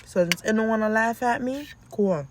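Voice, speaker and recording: A woman telling casual, animated stories as a podcast host, acting out how she scolds her kids. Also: on the high side, moderate pace, a little hiss or hum. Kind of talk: casual storytelling.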